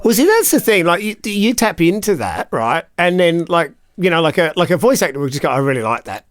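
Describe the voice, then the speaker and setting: A man with an Australian accent hosting a podcast, chatty and explaining things with quick impressions. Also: high voice, very animated, no room sound, studio quality. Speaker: podcast host. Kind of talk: podcast chat.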